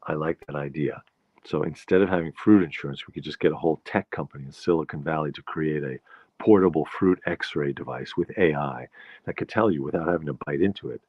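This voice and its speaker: Speaking with an extremely low pitch and a brisk pace, a podcast host from the Bronx riffs through a playful, digressive solo monologue. The audio is lo-fi, dull, and dry.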